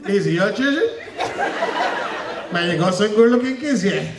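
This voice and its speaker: A man's voice: high-pitched, animated, normal speed, background noise. Blunt old churchgoing granny, as a man puts her on. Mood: teasing. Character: old religious grandmother, blunt and teasing. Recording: echoey hall from far off with crowd.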